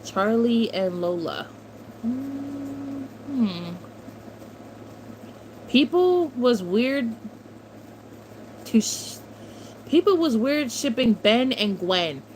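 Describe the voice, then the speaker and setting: A young woman in her twenties, with a slightly high voice, chats loosely with her livestream audience. She swears freely and drifts into fond memories. A faint background hiss sits under her voice. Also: big pitch swings, slow, pauses often, low-quality recording. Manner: chatty, swears freely, nostalgic. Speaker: streamer reading chat. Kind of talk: casual livestream chat.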